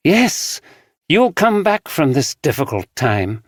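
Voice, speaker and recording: A man putting on a gentle reassuring woman. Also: low-pitched, sing-song, takes it slowly, no room sound, clean studio sound, pitched above the performer's own voice, exaggerated voice. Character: caring woman comforting her partner.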